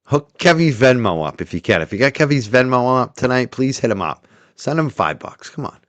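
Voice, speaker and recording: A man hosting a livestream, reading and thanking viewers' super chats in a casual, chatty way, laughing easily and trailing off quietly. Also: mid-range voice, sing-song, brisk, no echo.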